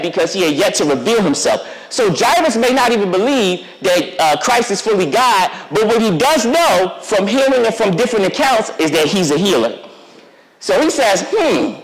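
High-voiced man preaching in a reverberant church. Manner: conversational preaching, acts out voices of Bible figures; addresses the congregation directly. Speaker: youth pastor. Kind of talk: sermon. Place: church sanctuary. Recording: long reverb of a church sanctuary.

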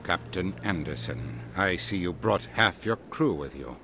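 An actor playing a stern, indignant human ambassador in a game. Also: male voice, sits low, animated, unhurried. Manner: sharp, demanding, stern. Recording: game audio over music.

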